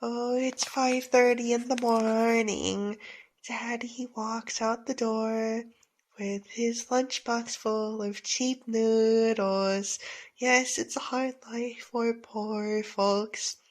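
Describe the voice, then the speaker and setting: A woman reading a manga aloud like a bedtime story, with slow, unhurried narration. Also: fairly high pitch, fairly even intonation. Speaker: audiobook reader.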